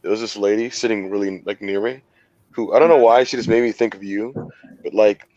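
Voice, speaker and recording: A man's voice: lowish voice, fairly quick, no echo. A man co-hosting a casual late-night chat, telling stories with lots of stammering restarts. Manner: animated storytelling, stammering restarts. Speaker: podcast co-host. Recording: dull lo-fi, dry.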